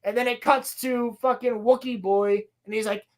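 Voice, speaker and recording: A woman's voice: on the high side, fairly even intonation, darkish tone. A woman on a casual podcast, ranting profanely and exasperatedly about a show she is recapping. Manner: profane, exasperated ranting with quick acted quotes. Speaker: podcast co-host.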